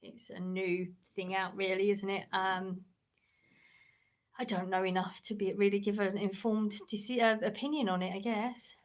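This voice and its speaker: A woman's voice: medium pitch, flat delivery, moderate pace. A woman with an English accent, chatting casually on a livestream while reading out comments, hesitant and laid-back with many ums. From England.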